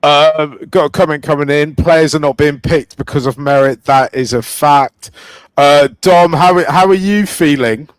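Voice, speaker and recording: A man's voice: fairly high pitch, unhurried, smooth, no room sound, poor audio. A man hosting a live cricket reaction stream, upbeat and joking as he reads out viewer comments. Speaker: host.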